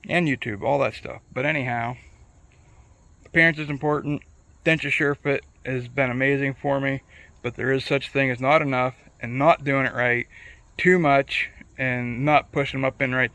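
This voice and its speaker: A man's voice: medium pitch, creaky, bright, forceful tone, no echo. A middle-aged man with a faint lisp from his dentures, talking casually and rambling to camera, swearing freely. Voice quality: slight lisp from loose dentures. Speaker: vlogger.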